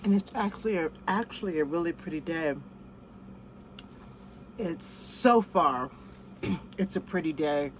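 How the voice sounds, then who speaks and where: A woman's voice: on the low side, measured pace, pauses often, slight background noise. A woman chatting casually through an off-grid cooking vlog, describing her food and talking to her pets. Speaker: vlogger. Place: living off grid, in or by a vehicle.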